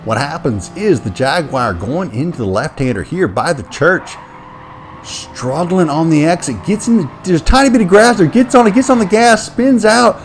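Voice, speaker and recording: A man talks through his own racing replay in a relaxed, chatty voice, with a pitch that climbs and dips freely. He laughs at himself as he explains his choices. Soft music and engine sounds play faintly behind him. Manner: chatty, self-deprecating, lively. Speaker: sim racing commentator. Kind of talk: casual race commentary over replay.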